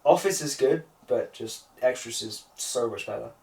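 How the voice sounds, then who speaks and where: A man's voice: medium pitch, normal speed, creaky, darkish tone. A man co-hosting a casual film podcast, rambling and swearing often as he retells scenes. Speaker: podcast co-host. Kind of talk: casual chat about films. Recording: roomy, distant mic.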